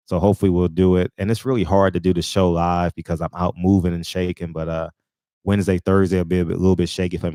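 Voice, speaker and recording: Man, rambling live-stream host, loose casual chat, gravelly voice. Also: deep voice, darkish tone, no room sound. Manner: loose, rambling, laughs often.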